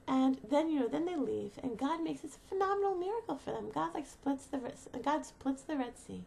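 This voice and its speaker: A woman's voice: high-pitched, expressive, a little fast, vocal fry, few pauses, a little mellow, slight background noise. A woman giving a heartfelt motivational talk to mothers, earnest and emotional, rambling with many fillers and restarts.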